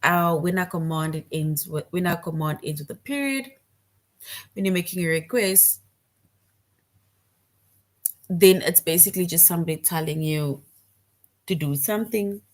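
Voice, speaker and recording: Woman teaching kids grammar, kinda low voice, patient, says everything twice, lots of "right?". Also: normal speed, pauses often. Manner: patient, repeats points, checks in with "right?". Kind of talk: online grammar lesson for young children.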